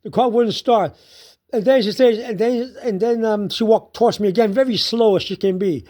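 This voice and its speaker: A casual personal storyteller talking through a frustrating day. They speak slowly and loop back over the same phrases again and again. Frequent bursts of laughter run through the telling. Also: medium pitch, mellow. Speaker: storyteller recounting their day.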